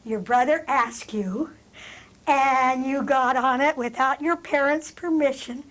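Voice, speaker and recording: Speaking slowly in a high voice, a female children's show host addresses a group of young kids in a studio. She sounds gentle and patient, with a sing-song, teacherly lilt.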